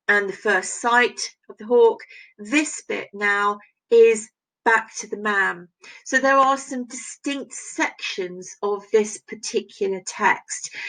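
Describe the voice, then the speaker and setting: Woman teacher, slightly gravelly voice. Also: medium pitch, a bit bright, low-quality recording. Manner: explains a text line by line, often asking "isn't it?". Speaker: English teacher. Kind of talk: recorded distance-learning lesson.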